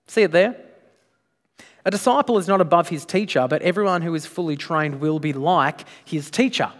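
A pastor preaches a sermon to his congregation in a church sanctuary, his voice slightly high for a man and at normal speed. He's emphatic, pressing his points and firing frequent rhetorical questions at listeners, while the large room adds a long reverb tail.

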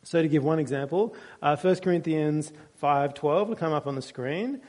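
A man's voice: a little high, moderate pace, a little mellow. A male pastor preaching a sermon in a church, conversational and with dry humor.

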